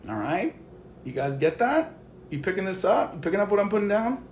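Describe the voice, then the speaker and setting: A young man telling a story on a live stream in a casual, animated way, swearing freely and acting out what he said to others. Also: high voice, a little fast, echoey room, slight background noise. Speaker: livestream host. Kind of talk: casual livestream chat.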